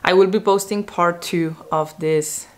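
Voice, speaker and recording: Woman, young adult, deep-ish voice, casual vlog recap, animated, breathless. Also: a little slow. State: pregnant, out of breath. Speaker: vlogger recapping a TV show.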